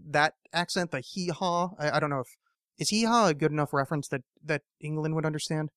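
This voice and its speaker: A man's voice: fairly high pitch, quick pace, fairly bright tone, no echo, studio quality. A man hosting a casual solo podcast, rambling and swearing often, with lots of fillers and restarts. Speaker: podcast host.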